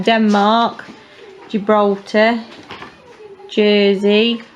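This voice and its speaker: A woman's voice: fairly high pitch, normal speed, dull audio, slight background noise. A woman, a homeschooling mother chatting patiently with her children at a table at home. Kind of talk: casual family chat.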